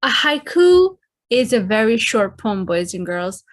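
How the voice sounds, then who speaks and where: Woman teacher, slow and clear, speaking to kids in a recorded lesson. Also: fairly high pitch, very animated. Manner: clear, explanatory, addresses children.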